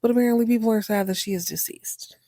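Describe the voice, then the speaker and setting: A woman's voice: on the high side, fairly even intonation, fast, warm tone, no echo, clean studio sound. A woman hosting a podcast, recapping a TV drama in casual, sassy commentary and breaking into exaggerated voices.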